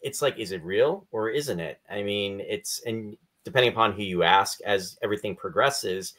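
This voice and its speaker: Host, male, low voice, slightly hoarse, rambling and apologetic. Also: normal speed, a bit bright. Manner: rambling, apologetic, restarts often. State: losing his voice, clearing throat. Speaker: podcast host. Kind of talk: casual interview chat.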